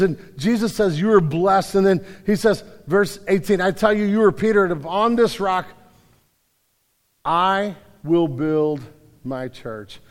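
A male pastor preaching a sermon, emphatic, swinging between loud declarations and quiet stretches. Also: high-pitched, big-room sound. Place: church sanctuary.

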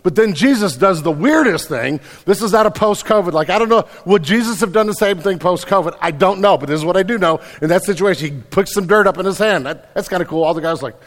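A man's voice: high-pitched, lively intonation, fast, few pauses. A man preaching a sermon as pastor, conversational and emphatic, stumbling on repeated words. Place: church sanctuary. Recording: long reverb in a large hall.

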